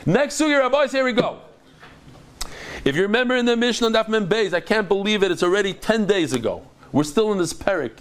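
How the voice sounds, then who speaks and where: A man teaching a daily Talmud class as a rabbi, explaining in an animated, dramatic way with quick restarts. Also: high voice. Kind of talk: lively Talmud lecture to a live group.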